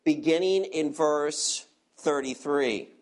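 A man's voice: a little high, slow pace. Male pastor delivering a teaching sermon, emphatic, asks questions and has listeners turn to verses. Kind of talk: expository sermon.

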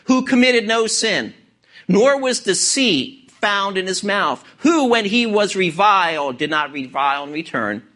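A man's voice: high voice, expressive, a little slow, pushed and bright. A male pastor preaching an expository sermon, asking rhetorical questions and stressing key words.

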